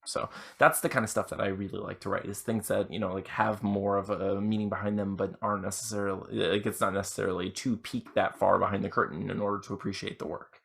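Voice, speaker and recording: A drunk man talks on and on in a casual podcast monologue. His voice sits a bit low and has a gravelly fry. He stumbles through restarts and keeps making fun of himself. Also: flat delivery, fairly bright tone. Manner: rambling, self-deprecating, halting restarts. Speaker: podcast host. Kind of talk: rambling casual monologue answering questions.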